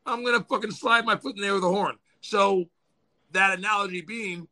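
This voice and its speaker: A man with a high, sharply bright voice holds court on a podcast. He speaks casually and drops swear words freely, acting out quick little characters to make his points. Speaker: podcast host.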